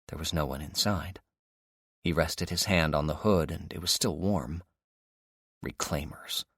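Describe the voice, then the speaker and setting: A man reading an audiobook in a steady, even storytelling manner. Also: low-pitched, no echo, clean studio sound. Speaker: audiobook narrator. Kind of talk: scripted audiobook narration.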